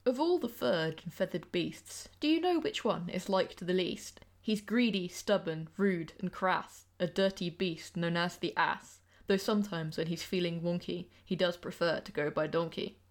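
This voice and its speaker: A woman's voice: fairly low pitch, normal speed, few pauses. A young woman, a podcast host, reading her own rhyming poem aloud with playful, sing-song storytelling. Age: young adult.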